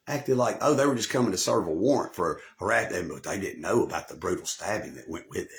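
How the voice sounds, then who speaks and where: A man spins a long, rambling tale straight to camera, swearing in nearly every sentence and bragging as he goes. His voice sits at an ordinary middle pitch, and he repeats himself and restarts when he loses his place. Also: animated, quick pace, a bit bright. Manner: swaggering, boastful, swears constantly, loses the thread and repeats himself. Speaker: channel host telling a personal story. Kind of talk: rambling profane storytelling to camera.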